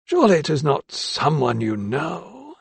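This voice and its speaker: A man's voice: fairly high pitch, wildly swooping pitch, unhurried, vocal fry, slightly rough, no echo, voice pushed up, exaggerated voice. A man voicing an older professor in an audiobook, asking short, probing questions in a suspicious tone.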